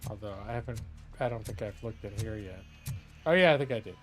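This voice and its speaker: A man's voice: fairly low pitch, lively intonation, fast talker, over music. A man chatting casually while playing a game live, rambling and breaking off mid-thought. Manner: chatty, rambling, self-interrupting. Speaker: gaming streamer and lawyer. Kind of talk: live let's-play commentary.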